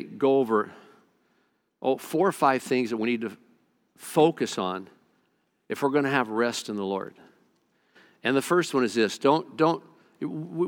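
Middle-aged man, pastor delivering a sermon; earnest, halting restarts, plain mid-range voice. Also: medium pitch. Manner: earnest storytelling with repeated stammered restarts.

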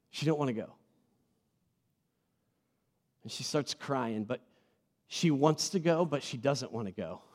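An earnest man in his thirties delivers a sermon in a church hall, his mid-pitched voice ringing out with long reverb. He moves between loud emphatic bursts and soft, confiding passages. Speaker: pastor.

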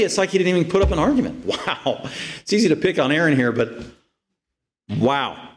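A male pastor delivering an expository sermon, his voice sitting a little higher than most men's. He talks with animated energy and fires off incredulous rhetorical questions. When he reads scripture, he slows right down and stresses each phrase. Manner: reads scripture slowly and emphatically.

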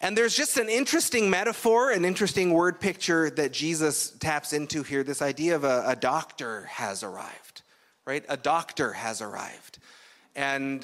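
A man's voice: mid-range voice, normal speed, fairly bright tone. A man from Canada preaching a sermon in a conversational, explanatory way, often checking in with "right?". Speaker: pastor.

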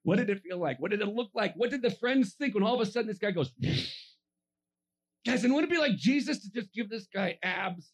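Man, sermon storyteller, high-pitched, very expressive, comic voices. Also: quick pace, few pauses. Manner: lively, acts out characters with silly voices, laughs often. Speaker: preacher.

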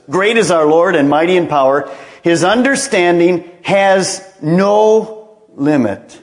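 A middle-aged male pastor preaching a sermon, emphatic and calling on the congregation to repeat phrases after him. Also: high-pitched. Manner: emphatic, calls for congregation responses.

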